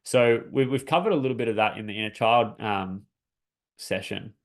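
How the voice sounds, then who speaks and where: Earnest man with a gravelly low voice. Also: normal speed. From Australia. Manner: earnest, searching, repeats and restarts phrases. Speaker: coach. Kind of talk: reflective personal talk.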